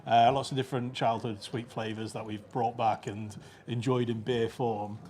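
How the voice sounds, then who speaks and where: A man's voice: mid-range voice, level tone, normal speed, darkish tone. Male brewery co-host, hesitant and casual, with faint room noise behind him. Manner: hesitant, lots of fillers and restarts. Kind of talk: casual live stream chat. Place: brewery taproom.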